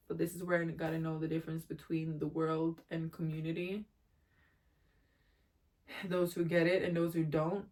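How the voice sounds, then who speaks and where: An emotional woman from Jamaica speaks candidly in a personal vlog, drifting from thought to thought. Her pitch stays flat and even throughout. She talks with open, rambling honesty. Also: creaky. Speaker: vlogger.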